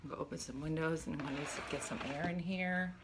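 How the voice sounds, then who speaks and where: A woman's voice: deep voice, steady tone, fast, background noise. A middle-aged woman hosting a comic vlog, ranting in exasperation with gasps and exclamations in a bedroom at home. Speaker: comedian vlog host. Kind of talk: casual comic rant to camera.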